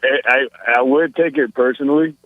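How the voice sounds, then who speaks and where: A man calling a radio show from his car, sounding relaxed and drowsy. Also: medium pitch, a little fast, no echo. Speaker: caller. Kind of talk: phone call to a radio show. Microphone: phone. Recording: tinny phone line.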